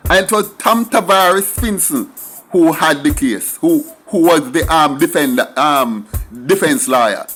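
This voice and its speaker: A man's voice: fairly high pitch, lively intonation, measured pace, fairly bright tone, breathy edge, faint music behind. Sing-song Jamaican man telling a story. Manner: sing-song, emphatic patois asides. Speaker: commentator. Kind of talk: storytelling monologue.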